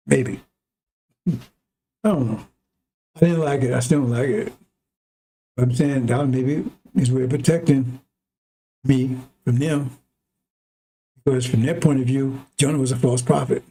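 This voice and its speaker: A man's voice: mid-range voice, measured pace, pauses often, breathy edge. A man preaching in a rambling, conversational way, now and then acting out heated arguments in a raised voice. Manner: animated, acts out arguments with God in a raised voice. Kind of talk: rambling sermon.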